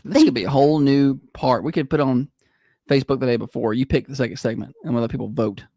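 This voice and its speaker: A man's voice: medium pitch, fairly even intonation, quick pace, dark tone, no echo, clean studio sound. A man with a Southern American accent hosting a morning radio show, plugging the show and teasing his co-host. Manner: teasing, announcer-like plugs.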